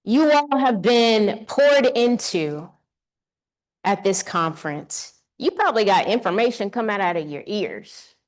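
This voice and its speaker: A woman giving an energetic motivational keynote on a conference stage, leading the audience in call-and-response. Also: medium pitch, unhurried. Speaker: keynote speaker.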